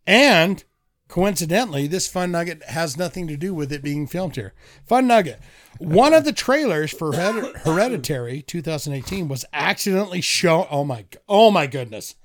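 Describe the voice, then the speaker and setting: A man's voice: on the high side, animated, normal speed, a little hiss or hum. A man co-hosting a casual podcast, reading movie trivia aloud with playful emphasis. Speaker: podcast co-host. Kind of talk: casual chat.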